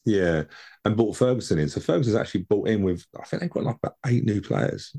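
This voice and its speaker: Very deep-voiced man chatting football. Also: expressive, fast talker, vocal fry, dark tone. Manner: chatty, rambling, repeats words. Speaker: podcast co-host. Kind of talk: casual football chat. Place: home.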